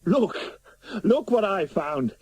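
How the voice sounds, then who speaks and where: A man voicing an excitable, dandyish male cavalry captain who makes a show of his outfit in a radio drama. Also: sits high, slow pace, breathy edge, voice pushed up, exaggerated voice. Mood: giddy. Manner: giddy, showy, fussing over his outfit.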